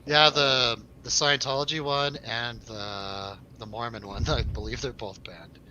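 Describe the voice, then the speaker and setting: A man's voice: mid-range voice, fairly even intonation, unhurried, bright, forceful tone, highs cut off, slight background noise. A man co-hosting a casual film review show, joking and laughing as he chats over drinks. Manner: laughs often, jokey asides to viewers.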